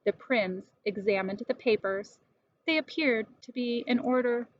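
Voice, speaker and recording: A woman reading a children's storybook aloud in an expressive, lively way. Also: on the high side, unhurried, muffled recording.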